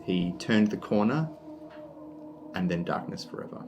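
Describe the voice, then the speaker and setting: A man's voice: sits low, expressive, unhurried, dull audio, background noise. A man with an Australian accent narrating a tabletop game as game master, laid-back and full of fillers.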